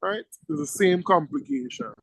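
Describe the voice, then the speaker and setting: A man's voice: high-pitched, very animated, normal speed, creaky, very noisy. A middle-aged man giving an exam-prep medical lecture. He is emphatic, repeats key words and keeps checking in with "right?".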